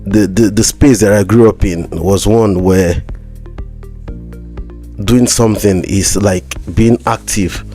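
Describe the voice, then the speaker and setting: A man from Nigeria, a mental health practitioner chatting as a podcast guest. He talks haltingly and repeats words with a slight stammer. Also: on the low side, steady tone, dark tone, soft background music. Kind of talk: casual conversation.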